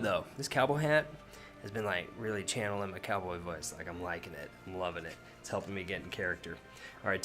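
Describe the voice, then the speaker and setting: A man's voice: fairly low pitch, fairly bright tone. Chatty man playing a tabletop game. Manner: chatty, reacts aloud to dice rolls. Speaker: solo game player and host. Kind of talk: casual solo tabletop game play with reading of cards.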